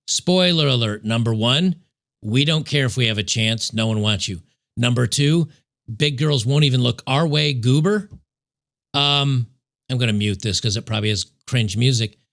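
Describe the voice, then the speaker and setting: A man's voice: mid-range voice, vocal fry, fairly bright tone. A man hosting a reaction commentary show, talking in a sarcastic, mocking way. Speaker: commentary host.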